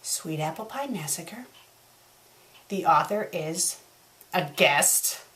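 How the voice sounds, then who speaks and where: A woman hosting a comedic fanfic review, melodramatic, swinging between shouted threats and hushed whispers to calm herself. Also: low-pitched, slow. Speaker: fanfic reviewer, show host.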